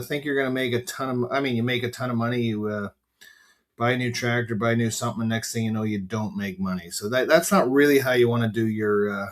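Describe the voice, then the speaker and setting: A middle-aged Canadian farmer hosting a casual livestream podcast, rambling and frank, swearing casually and talking to viewers by name. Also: male voice, medium pitch.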